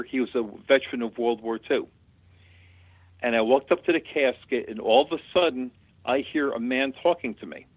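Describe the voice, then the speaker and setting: A man's voice: medium pitch, dry recording. A man who works as a medium, a guest telling chatty, plain-spoken anecdotes in an interview. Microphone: phone call. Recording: tinny dry phone line.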